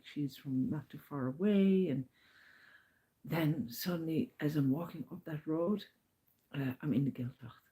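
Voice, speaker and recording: A middle-aged woman walking as a pilgrim, telling a rambling travel diary with storytelling, sometimes dropping to hushed whispers. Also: low-pitched, low-quality recording.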